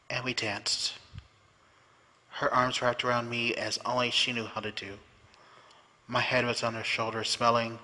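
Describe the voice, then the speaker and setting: A man's voice: lowish voice, pushed and bright. Man reading a story in a hall. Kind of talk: first-person story reading. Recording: long hall reverb.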